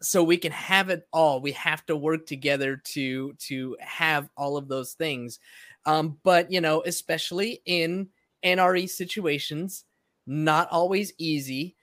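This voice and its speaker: A man hosting a conversation, engaged and affirming, asking follow-up questions quickly. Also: fairly high pitch, fairly bright tone, no echo, clean studio sound. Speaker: podcast host. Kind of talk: interview conversation.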